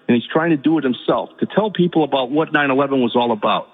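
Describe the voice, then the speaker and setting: A man calling in to a radio talk show, telling a story in a halting, emotional way. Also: medium pitch, husky. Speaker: caller. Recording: phone line with long reverb.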